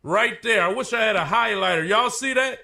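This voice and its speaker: Loud profane man ranting hotly. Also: high-pitched, fairly quick, creaky. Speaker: fitness personality reading product labels. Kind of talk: heated ranting clip.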